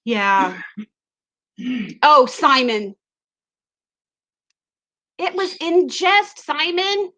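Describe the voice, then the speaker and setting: Giggly high-voiced woman from the Ozarks. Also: expressive, drawn-out words, long pauses, pushed and bright. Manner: chatty, giggly, reads comments aloud. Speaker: livestream host. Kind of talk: casual livestream chat.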